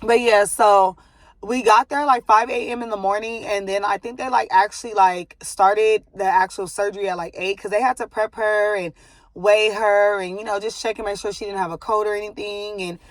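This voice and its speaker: A young woman talks straight to her viewers in a loose, rambling vlog. Her pitch sits in the middle range for a woman. She fills her sentences with likes and ums and stops now and then to settle a baby beside her. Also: fairly even intonation, normal speed, no room sound. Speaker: vlogger giving a life update. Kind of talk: casual chat to camera.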